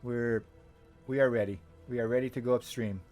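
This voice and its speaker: A man voicing a gruff, annoyed male boat captain who speaks in curt, grumbling lines. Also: mid-range voice, fairly even intonation, brisk, a little mellow, soft background music, lightly acted. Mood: deferential.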